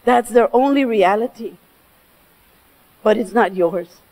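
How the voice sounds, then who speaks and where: A woman voicing a gentle, wise Mexican father who speaks tenderly and patiently. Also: fairly high pitch, slow pace, big-room sound, low-quality recording.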